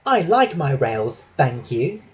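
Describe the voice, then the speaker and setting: A man's voice: medium pitch, big pitch swings, slow pace, husky, heavily acted. A man reading a storybook aloud and voicing a small, proud young male tank engine that talks in an eager, huffy, chirpy way.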